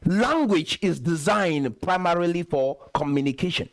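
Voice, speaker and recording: A man's voice: fairly high pitch, normal speed, dry recording. A man from Cameroon hosting a commentary video, lecturing emphatically and repeating his points. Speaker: host.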